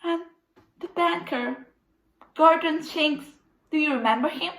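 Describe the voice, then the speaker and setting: A woman playing a frantic, melodramatic young organizer, stammering in high-pitched despair. She talks slowly and drags out her lament. Her voice rings in an echoey room over a video call. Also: a bit bright. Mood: distraught. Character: distraught young woman organizer, overly dramatic. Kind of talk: comedic video-call sketch.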